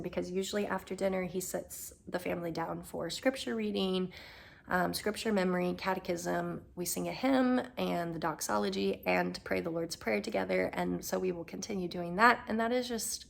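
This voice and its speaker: A homeschooling mother chatting casually to the camera, upbeat and full of ums, her voice slightly hoarse. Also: on the low side, fairly even intonation, fairly quick.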